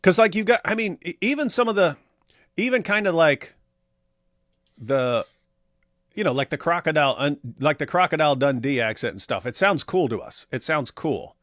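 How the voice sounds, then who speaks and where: A man's voice: fairly high pitch, animated, normal speed, a bit bright, no echo, clean studio sound. A man co-hosting a casual livestream, joking around and reading viewer comments aloud in put-on voices. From Australia. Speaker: co-host reading live chat.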